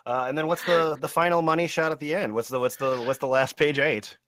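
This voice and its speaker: A man's voice: a little high, brisk, dry recording. A man co-hosting a comedy podcast, reacting wryly and steering the reading along. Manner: animated, wry reactions. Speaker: podcast co-host. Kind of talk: casual comedic chat.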